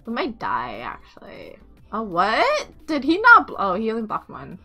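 A woman giving live gameplay commentary, excitable, swearing and laughing, with squeals when things heat up. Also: on the high side, moderate pace, faint music behind. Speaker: game streamer.

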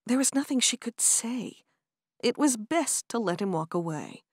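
A woman reading a romance audiobook aloud, expressive and animated. Her pitch moves a lot. The recording is close and dry. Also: a little slow, slightly rough, no room sound. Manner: expressive storytelling. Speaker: audiobook narrator. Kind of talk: scripted narration.

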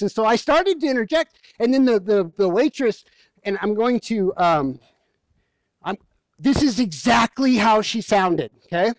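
A man's voice: high-pitched, expressive, moderate pace, no echo. A man preaching as a pastor in a church, telling stories in a conversational, humorous way. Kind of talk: sermon.

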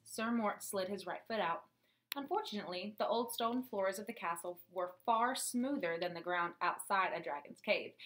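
A woman narrating a children's storybook in a lively, clear reading voice. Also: mid-range voice. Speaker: audiobook narrator.

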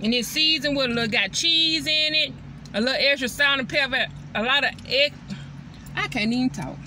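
A woman and mother chatting casually to her viewers from inside her truck, animated and constantly addressing them directly. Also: sits high, normal speed, noisy background. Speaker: vlogger and mother.

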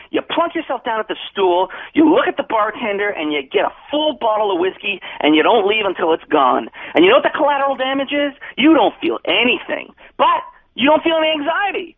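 Blustery man with a lively, swooping voice. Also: very high-pitched, narrow, tinny audio. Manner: blustery, preachy tough-guy bravado. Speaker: friend giving advice by phone. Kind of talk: phone advice chat.

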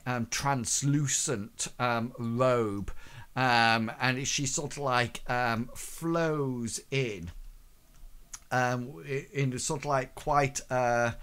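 A man's voice: mid-range voice, a bit bright. A man narrating a tabletop game as game master, hesitant and full of fillers.

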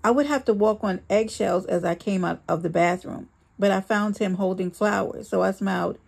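A woman's voice: mid-range voice, steady tone, moderate pace, vocal fry, a little mellow, slightly rough. A woman reading a first-person memoir aloud, with a dramatic, earnest storytelling manner. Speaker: audiobook reader.

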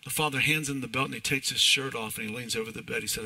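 A male pastor preaching a sermon in church, animated and emphatic, often restarting his phrases. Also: medium pitch, quick pace, breathy edge, rough recording.

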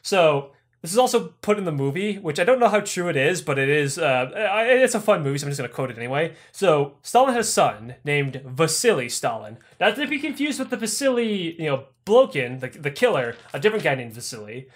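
High-voiced man telling crude history. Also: sing-song, fairly quick. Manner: crude, profane, acts out characters' lines. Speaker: podcast host. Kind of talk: comedic history storytelling.

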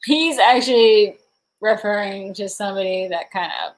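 A woman's voice: medium pitch, moderate pace, low-quality recording. A woman hosting a casual livestream, giggling constantly and slap-happy tired. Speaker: livestream host.

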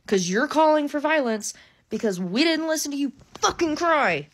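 A woman's voice: high-pitched, lively intonation, normal speed. A woman ranting angrily to camera, swearing constantly and furious. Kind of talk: angry rant to camera.

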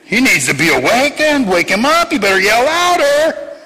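A man voicing the prophet Elijah as a bold, scoffing old man, challenging and mocking loudly, in a reverberant hall. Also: very high-pitched, sing-song, normal speed, pitched above the performer's own voice, exaggerated voice. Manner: mocking, shouting, emphatic.

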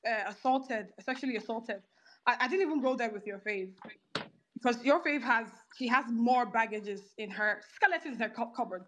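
A woman's voice: high-pitched, fairly bright tone. A woman arguing heatedly and sarcastically in an online audio room. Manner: confrontational, sarcastic, rapid rants. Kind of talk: heated argument.

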